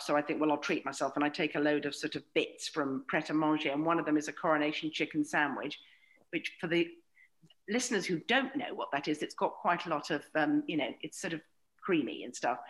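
A woman's voice: low-pitched, sharp tone. Wry, sweary woman telling stories. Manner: wry, sweary storytelling with acted-out voices. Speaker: guest, actress and comedian. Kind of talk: anecdotal podcast chat.

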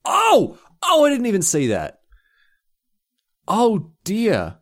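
Man, Australian accent, podcast co-host, casual chat, very expressive pitch. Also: takes it slowly. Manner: animated, exclaims often.

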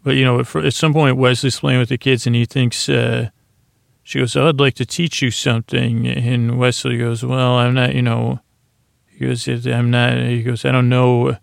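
A man hosts a sleepy podcast with a gravelly voice. He rambles softly through a story recap and doubles back on himself often. His pitch barely moves, and the sound is close and dry. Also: level tone, moderate pace, dry recording. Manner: meandering, full of fillers and restarts; soft, low-key delivery. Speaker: podcast host. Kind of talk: rambling bedtime episode recap.

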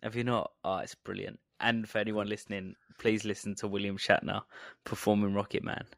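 A man's voice: lowish voice, flat delivery, fairly quick, gravelly, a bit bright, no echo, clean studio sound. A man co-hosting a podcast, chatting casually and laughing often. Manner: jokey, laughs often, drawling asides. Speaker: podcast co-host. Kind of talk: casual chat. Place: home recording space.

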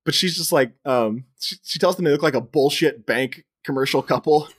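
A man hosting a podcast, recapping a film in casual, animated chat with frequent laughter. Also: a little high, moderate pace, breathy edge. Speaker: podcast host.

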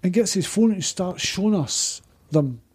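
Scottish male podcast guest, husky and mellow, an excitable storyteller. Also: high voice, moderate pace. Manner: rambling, excited anecdote teller. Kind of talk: casual storytelling chat.

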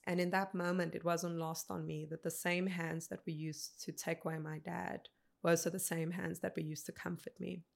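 A woman in her thirties, a podcast guest telling a personal story in an earnest, unhurried way. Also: fairly low pitch, flat delivery, gravelly. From South Africa. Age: 30s.

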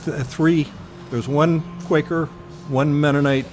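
A man's voice: fairly high pitch, steady tone, soft background music. Older man telling a reflective story. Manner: earnest, reflective storytelling with frequent pauses and fillers. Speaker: interviewee. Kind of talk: oral history interview.

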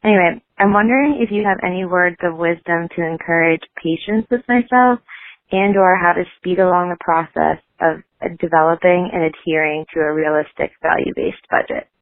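A woman with a low voice calls in over a tinny phone line and earnestly asks for advice. The sound is narrow and phone-like. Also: moderate pace. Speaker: caller asking a question.

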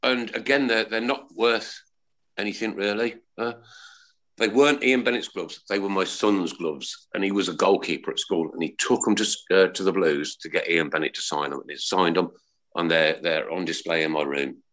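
A man's voice: deep voice, moderate pace. A middle-aged man, chatting as a panelist on a football fan podcast, telling stories and often asking "right?". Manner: animated, storytelling, keeps asking "right?". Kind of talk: casual chat.

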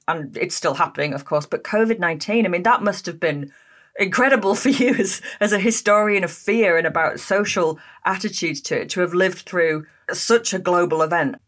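Lower-pitched woman interviewer, reflective. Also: fairly bright tone. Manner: reflective, conversational, asking open questions. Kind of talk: interview conversation.

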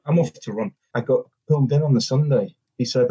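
A man's voice: medium pitch, fairly quick, few pauses, breathy edge. A former footballer telling blunt, sweary stories from his playing days in casual chat. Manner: swearing, animated storytelling with acted quotes. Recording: dull lo-fi sound.

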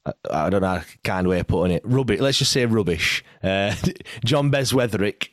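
Low-voiced man asking halting questions. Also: expressive, dry recording, clean studio sound. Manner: hesitant, with many fillers and restarts. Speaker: podcast interviewer. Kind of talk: casual interview questions.

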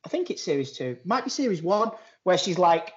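A man's voice: high voice, big pitch swings, a little fast, muffled recording, a crowd in the background. A man with a Manchester accent co-hosting a podcast in casual chat, talking from outside in a garden. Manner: chatty, laughing, trailing off. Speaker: podcast co-host. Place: outdoors in a garden.

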